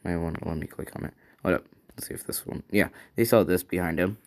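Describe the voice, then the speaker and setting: A man with a very low voice and a gravelly, creaky edge spins a fan story off the cuff. He rambles casually, pausing to think aloud and backtracking to fix his own details. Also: darkish tone. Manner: rambling, thinks aloud, corrects himself often.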